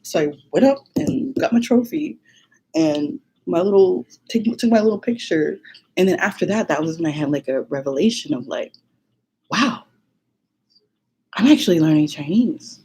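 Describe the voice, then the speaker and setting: A young woman tells a personal story straight to her viewers, casual and rambling, sprinkling "like" everywhere. Her voice sits a little low and has a breathy, husky edge. She laughs easily and slips into a higher voice to act out what people said. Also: lively intonation, normal speed, warm tone. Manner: chatty, many "like"s, laughs often, acts out quotes in a high voice. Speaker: vlogger.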